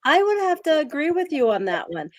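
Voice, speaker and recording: A woman co-hosting a wellness talk, explaining steps in a slow, deliberate way. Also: high voice, big pitch swings, no echo, clean studio sound.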